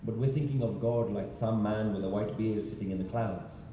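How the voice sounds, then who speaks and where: Dark-voiced man preaching in echoing hall. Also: fairly low pitch, moderate pace, slight background noise. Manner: storytelling with rhetorical questions. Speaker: religious speaker. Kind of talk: sermon-style talk. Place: large temple hall. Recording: echoey hall, distant mic.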